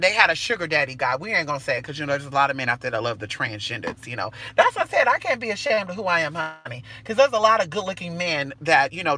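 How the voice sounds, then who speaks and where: A woman's voice: lowish voice, pushed and bright. A woman vlogging outdoors at a bus stop, talking into her phone in a brash, profane, sassy rant. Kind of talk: casual rant to camera.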